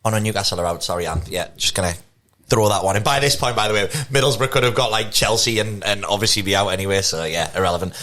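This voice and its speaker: A man's voice: on the low side, fast, pushed and bright. Chatty young man. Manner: rambling, laughs easily. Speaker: podcast co-host. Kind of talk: casual chat. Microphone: podcast studio mic.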